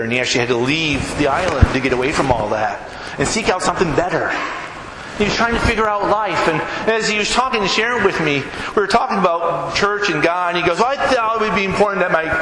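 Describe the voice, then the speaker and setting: A man preaching as a pastor, telling a story conversationally and acting out both sides of the dialogue. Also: mid-range voice. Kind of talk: sermon storytelling. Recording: echoey hall with background noise.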